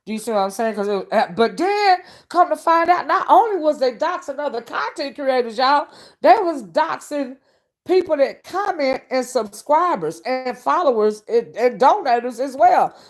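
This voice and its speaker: A woman vlogger chatting casually to her viewers, calling them honey and y'all and often asking if they see what she's saying. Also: mid-range voice. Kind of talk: casual live-stream commentary.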